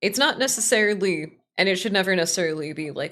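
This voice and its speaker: A woman's voice: medium pitch, expressive, brisk, fairly bright tone. A woman streamer chatting casually during a game stream, loose, cursing and self-mocking.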